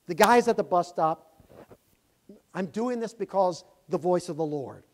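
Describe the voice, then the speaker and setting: A man delivers a storytelling sermon from the pulpit. His voice sits high for a man, and he moves between ringing, emphatic outbursts and quiet, confiding asides. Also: measured pace, pauses often. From Tennessee, USA. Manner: animated, swings from loud exclamations to hushed asides. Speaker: pastor. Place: church sanctuary.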